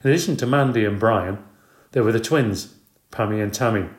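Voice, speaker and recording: A man narrating a children's storybook in the first person at an even, measured pace. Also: on the low side. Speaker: audiobook narrator. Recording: roomy echo.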